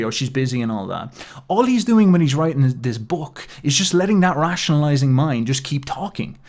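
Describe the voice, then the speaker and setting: Impassioned man preaching philosophy, swearing freely. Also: mid-range voice. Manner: animated, swears, mocks others in put-on asides. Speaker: philosophy commentator. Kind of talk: impassioned monologue.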